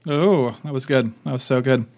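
A man co-hosting a podcast, chatting in a goofy, animated way and often trailing off and restarting. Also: mid-range voice, normal speed. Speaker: podcast co-host. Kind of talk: casual chat.

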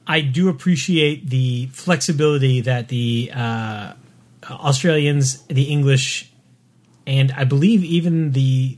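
A man co-hosting a gaming podcast, chatting casually with wry, dry humor. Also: medium pitch. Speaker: podcast co-host. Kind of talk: casual chat.

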